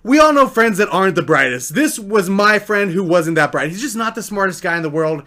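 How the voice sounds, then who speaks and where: Young man, high voice, slangy rambling storytime vlog. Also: lively intonation, a little fast, sharp tone. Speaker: vlogger.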